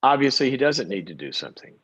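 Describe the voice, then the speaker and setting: A man's voice: medium pitch, sing-song, quick pace, fairly bright tone, breathy edge, no echo. A man hosting a call-in advice show, coaching a caller in a direct way and acting out parents and kids in short bursts. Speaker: call-in show host, psychologist.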